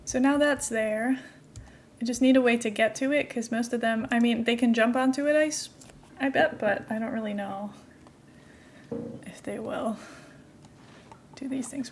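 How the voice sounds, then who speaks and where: A woman's voice: fairly high pitch, normal speed, long pauses, a little hiss or hum. A woman streaming a building game, chatting casually and giggling as she talks to herself and her viewers.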